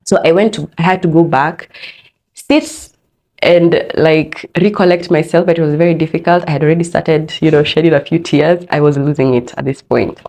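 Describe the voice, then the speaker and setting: A young woman with a Kenyan accent hosting a personal podcast, telling her own story in a candid, expressive way. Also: low-pitched, moderate pace. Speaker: podcast host.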